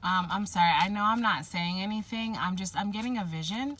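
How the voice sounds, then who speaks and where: A woman's voice: medium pitch, a little fast, a bit bright, slight background noise. Giggly rambling woman tarot reader. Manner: rambling, giggly, filler-heavy. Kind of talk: casual spoken tarot reading.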